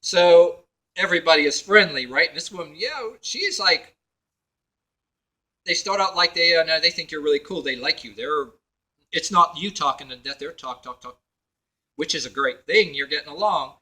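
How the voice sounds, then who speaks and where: A man's voice: on the high side, expressive, moderate pace, bright, forceful tone, poor audio. A man telling a personal story to camera in a meandering way, full of fillers and restarts, acting out what others said. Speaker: video blogger.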